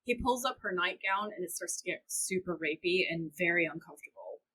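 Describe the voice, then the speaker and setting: Her voice is lowish, husky and sharp, moving a little fast over poor audio. She's a young podcast co-host in a casual recap chat, animatedly recounting scenes and quoting characters herself.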